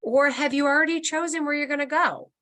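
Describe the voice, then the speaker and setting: A woman's voice: high-pitched, brisk, pushed and bright. A woman who works as a senior move manager, giving a webinar talk in an encouraging coaching manner. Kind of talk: webinar presentation.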